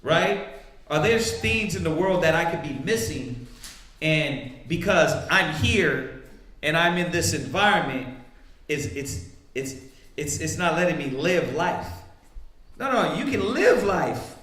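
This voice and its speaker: A man's voice: a little high, animated, slow pace, a bit bright, reverberant. A man preaching in a casual, conversational way, often asking "right?" and acting out the voices of the people he quotes. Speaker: priest teaching scripture.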